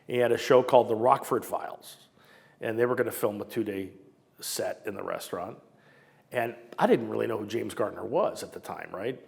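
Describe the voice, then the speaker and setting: Man, sixties, from Southern California, casual storytelling, animated, acts out quotes. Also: on the low side, a little fast, gravelly, big-room sound. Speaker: storyteller recounting memories.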